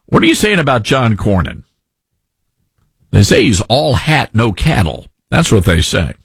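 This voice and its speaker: A man's voice: mid-range voice, huge pitch swings, measured pace, vocal fry, husky, no echo. A middle-aged man hosting a call-in talk show, giving sarcastic, opinionated commentary and mocking people he disagrees with. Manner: sarcastic, mocks others with put-on voices. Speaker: call-in radio show host.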